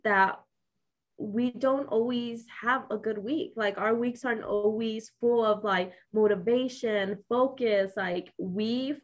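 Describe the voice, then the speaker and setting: A woman co-hosting a laid-back podcast, her voice a touch high. She chats in an upbeat, giggly way, stringing thoughts together with "like" and "you know". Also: fairly even intonation, takes it slowly, highs cut off. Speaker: podcast co-host. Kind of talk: casual podcast chat.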